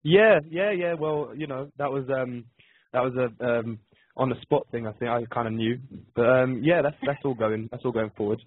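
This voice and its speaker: A young man with a London accent, a musician answering interview questions by phone, halting and hesitant with many ums. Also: medium pitch, dry recording. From England. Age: young adult. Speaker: musician guest. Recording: dry tinny phone line.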